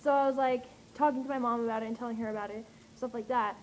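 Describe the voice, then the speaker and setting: A young woman telling an excited vlog story, gushing and breathless, with lots of fillers. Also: a little high, fast talker, a little hiss or hum, low-quality recording. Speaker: vlogger.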